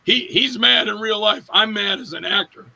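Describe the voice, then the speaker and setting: A man with a high, gravelly voice tells a story in a casual interview. His tone is sharp and bright, with a husky, raspy edge as he acts out the other people in the tale. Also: normal speed, rough recording. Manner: animated anecdote-telling, acts out quoted voices, laughs often. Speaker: actor, interview guest.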